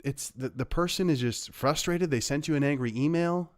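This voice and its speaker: A man's voice: fairly high pitch, normal speed, no room sound, studio quality. A man hosting a livestream, giving casual, sarcastic commentary on clips he plays, rambling with fillers. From Canada. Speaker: livestream host reacting to clips.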